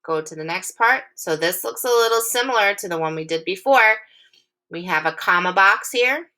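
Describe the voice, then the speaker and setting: A young woman teacher with a bright, clear voice walks young children through a recorded phonics lesson. She speaks patiently and encouragingly, and slows way down to read the sample sentences with expression. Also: mid-range voice, expressive. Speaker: elementary school teacher.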